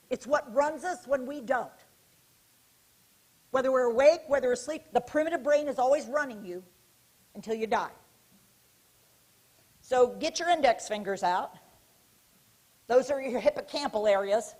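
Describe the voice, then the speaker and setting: On a conference hall stage, a woman with a high voice gives an interactive keynote lecture. Animated and directive, she poses questions to the audience and steers them with hand gestures, a small mic worn near her neck.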